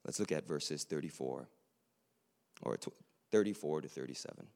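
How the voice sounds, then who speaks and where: A man's voice: rumbling low, animated, moderate pace, gravelly, a little mellow. A man preaching a sermon to a live room, earnest and conversational, with joking asides to the audience.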